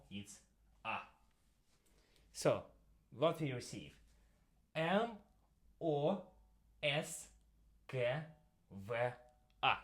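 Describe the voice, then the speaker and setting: Russian-accented man teaching a language lesson. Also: mid-range voice. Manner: explains step by step, writing on a board.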